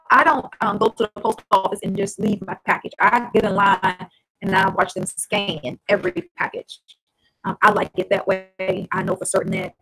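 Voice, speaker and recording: A woman's voice: mid-range voice, fairly bright tone, low-quality recording. A woman telling a story casually on her vlog, chatty and blunt, swearing freely. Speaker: vlogger.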